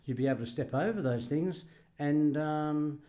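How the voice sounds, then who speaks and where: A man's voice: on the high side, moderate pace, mellow. A man in his sixties with an Australian accent, a retired greenskeeper chatting and telling funny stories from his working life. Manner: chatty anecdotes, laughs while telling them. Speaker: podcast guest, retired greenskeeper. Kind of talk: casual storytelling chat.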